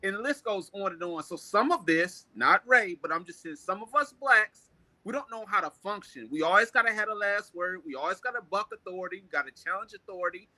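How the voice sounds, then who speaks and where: A blunt man in shares strong opinions with a high, very bright voice. The sound is dry and close, with no room around it. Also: lively intonation, brisk, no echo, poor audio. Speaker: co-host. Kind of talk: candid discussion.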